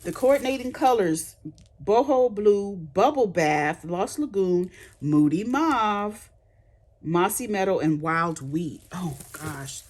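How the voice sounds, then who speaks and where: A woman's voice: medium pitch, animated, takes it slowly, a little mellow. A woman demonstrating craft supplies in a casual unboxing chat, chatty and gushing with delight. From United States.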